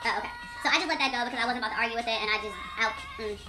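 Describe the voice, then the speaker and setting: A woman in her twenties vlogging at home in a blunt, frustrated, animated way. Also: fairly high pitch, racing, echoey room, music in the background, poor audio. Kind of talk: casual talking-head vlog rant. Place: home bedroom corner.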